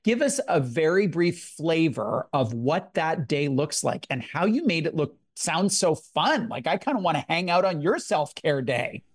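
A man hosting a money show, friendly, with quick asides. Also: a little high, big pitch swings, husky, no room sound, studio quality. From Canada. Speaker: radio show host.

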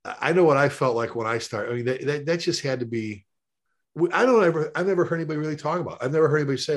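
A middle-aged man, a firefighter and paramedic, telling rambling, animated stories in casual conversation. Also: a little high, very fast. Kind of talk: conversational storytelling.

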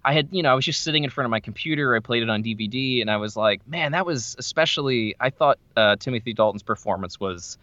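A man chatting casually about movies, animated, his voice jumping high when he quotes himself. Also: fast talker, few pauses, dry recording, lo-fi sound. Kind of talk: casual film discussion.

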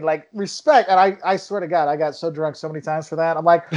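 Animated chatty man, higher voice. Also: normal speed, hardly any pauses, dull audio. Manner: animated storyteller, acts out quotes with big pitch jumps. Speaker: travel video maker, podcast guest. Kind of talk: casual chat.

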